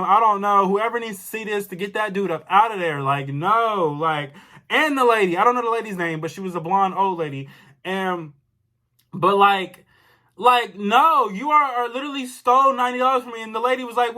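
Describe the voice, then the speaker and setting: A man's voice: high voice, bright, forceful tone. A young man telling a storytime vlog in an angry, exasperated rant, full of casual slang and repetition. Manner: angry, exasperated, loose slang, repeats himself. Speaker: vlogger.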